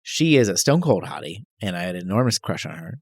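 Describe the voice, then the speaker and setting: A man's voice: sits low, big pitch swings, fast talker, vocal fry, slightly rough, dry recording, clean studio sound. A man hosting a podcast, rambling jokingly about a movie and swearing casually. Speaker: podcast host. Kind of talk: casual movie-review chat.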